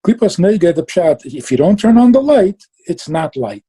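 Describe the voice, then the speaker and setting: Dark, husky-voiced man giving a Chassidic talk. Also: high voice, normal speed, rough recording. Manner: lively storytelling, mixing Yiddish and Hebrew terms. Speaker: Chassidic teacher.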